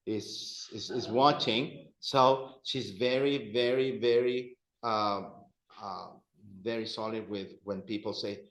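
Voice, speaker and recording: A man's voice: fairly low pitch, steady tone, slow, hardly any pauses, fairly bright tone, echoey room, poor audio. A man teaching a language class, patiently repeating phrases for his students to drill. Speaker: Spanish teacher.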